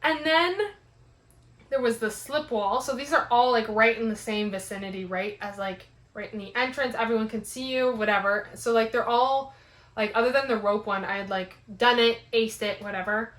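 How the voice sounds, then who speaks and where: Young woman vlogger, higher voice, rambling casual storytelling, echoey room. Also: normal speed. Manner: rambling, many "like" fillers, animated. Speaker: fitness vlogger. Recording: roomy echo.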